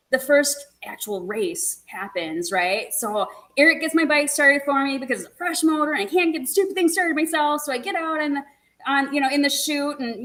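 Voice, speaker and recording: A woman guest telling a racing story in an animated, laughing, quick way. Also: high-pitched, low-quality recording. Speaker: guest, motorcycle racer. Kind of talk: casual storytelling chat.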